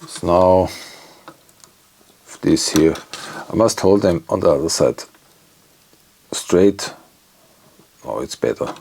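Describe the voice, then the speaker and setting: Slow, halting man. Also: low-pitched, steady tone, darkish tone, slight background noise. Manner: halting, non-native phrasing, muttering to himself as he works. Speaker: electronics repair hobbyist. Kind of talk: talking through a repair while working.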